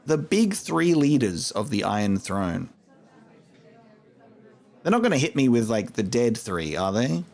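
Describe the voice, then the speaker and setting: A man's voice: mid-range voice, very animated, a little slow, gravelly, long pauses, a little mellow. A man commenting playfully on a blind playthrough of a game. He laughs a lot and reads the on-screen lines aloud. His voice sits in an ordinary mid range. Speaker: gamer.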